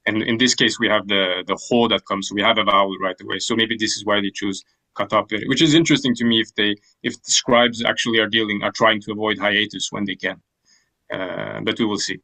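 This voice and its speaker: A man's voice: fairly low pitch, fairly even intonation, fairly quick, pushed and bright, poor audio. Thoughtful male grammar teacher on a call. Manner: thoughtful, hesitant, many restarts. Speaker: language teacher. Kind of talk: online class explaining ancient Greek grammar.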